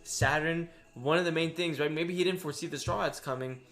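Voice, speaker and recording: Man, stream host, casual chatty delivery, slightly high voice, keeps acting out lines. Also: fairly quick. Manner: animated, filler-heavy, acts out quotes. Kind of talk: casual chat about a manga chapter.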